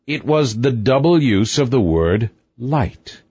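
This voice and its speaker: A man narrating a storybook aloud in an expressive, wide-ranging read. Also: mid-range voice, slow, slightly rough, no echo. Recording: muffled, dull, dry recording.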